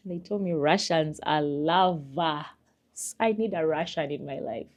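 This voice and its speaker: A young woman catching her viewers up on her life, gossipy and blunt. Her voice sits low and her pace is unhurried and drawn out, but she keeps breaking into laughs and sudden high squeals. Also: lo-fi sound. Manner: frank, gossipy and expressive, laughing and swinging between murmurs and squeals. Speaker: vlogger. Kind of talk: casual life-update chat to camera.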